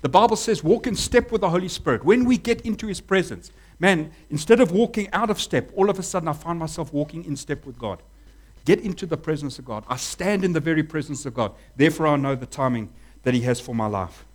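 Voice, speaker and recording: A man preaching a sermon as pastor, animated, acting out voices and dropping to a hush. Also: fairly high pitch, a little fast. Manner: animated preaching, acts out voices, swings from loud to hushed.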